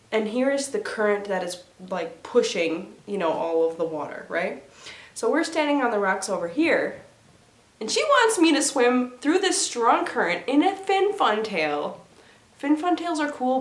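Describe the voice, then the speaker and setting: A woman vlogger telling a story casually to her viewers, chatty and rambling, with asides and sound effects. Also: a little high. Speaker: mermaid performer and vlogger. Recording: roomy echo.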